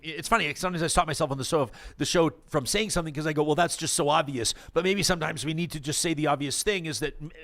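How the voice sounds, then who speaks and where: A man hosts a casual political talk show, his voice sitting a touch high for a man. He rambles as he thinks aloud and restarts his sentences often. Now and then he reads out viewer comments. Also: sharp tone.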